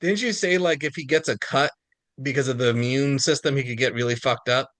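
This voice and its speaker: A man's voice: mid-range voice, fairly quick, a bit bright, dry recording. A man co-hosting a sports podcast in casual chat, rambling and filling with "like" and "you know". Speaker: podcast co-host.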